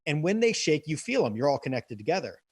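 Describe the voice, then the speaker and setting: A man's voice: on the high side, very animated, quick pace, slightly rough, no echo. Man, interview guest, earnest personal storytelling, repeats words on restarts, dry recording. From United States.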